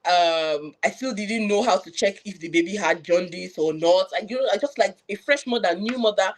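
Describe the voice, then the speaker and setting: A woman with a Nigerian accent and a mid-range voice, a public health professional, recounts a personal experience on a live panel at a moderate pace. She is earnest and reflective, often restarting and saying "you know," and there's slight hiss or hum in the audio.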